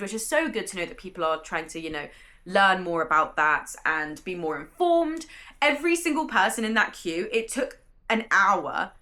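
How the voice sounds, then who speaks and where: In staticky audio, a young British woman narrates a casual vlog about her week working as a bookseller. Her medium-pitched voice sounds pushed and bright, and she chats enthusiastically in long, run-on sentences.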